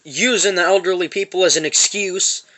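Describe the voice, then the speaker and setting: High-voiced man ranting a storytime. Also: fairly even intonation, normal speed, pushed and bright. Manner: profane, repetitive storytelling. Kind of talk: angry storytime rant. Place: parked van.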